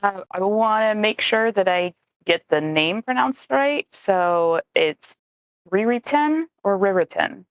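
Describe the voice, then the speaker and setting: A woman speaks casually on a stream, careful and a little hesitant as she talks. Her pitch sits in the middle, and her voice sounds dry and close. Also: slow, hardly any pauses, smooth, dry recording. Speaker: shop owner and player. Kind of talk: casual chat.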